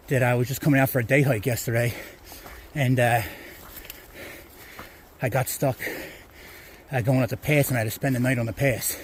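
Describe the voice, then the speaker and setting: Brief: male hiker vlogger, mid pitch, rambling and chatty, faint outdoor noise behind. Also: fairly even intonation, moderate pace, long pauses. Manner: rambling, chatty, many fillers. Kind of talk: casual trail vlog. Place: outdoors on a hiking trail.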